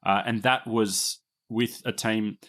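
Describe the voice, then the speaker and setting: An Australian man with a fairly low voice hosts a casual history podcast. He explains things at length in a chatty, good-humoured way and laughs easily. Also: fairly even intonation, takes it slowly, a bit bright. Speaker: podcast host.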